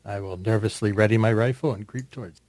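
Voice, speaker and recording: A man's voice: fairly low pitch, quick pace, a little mellow, no room sound. A man playing a tabletop game, tense and urgent as his character. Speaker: player. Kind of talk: casual tabletop game play.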